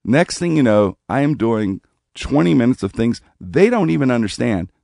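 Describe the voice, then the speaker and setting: Gravelly-voiced man telling a rambling story. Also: mid-range voice, moderate pace, no echo, studio quality. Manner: rambling, animated anecdote with restarts. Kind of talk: casual storytelling.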